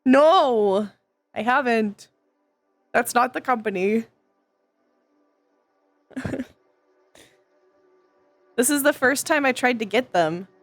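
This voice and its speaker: A woman's voice: a little high, animated, slow, pauses often, no room sound, faint music behind. A woman streamer venting to her chat in casual talk, frustrated, swearing often and stumbling over restarts.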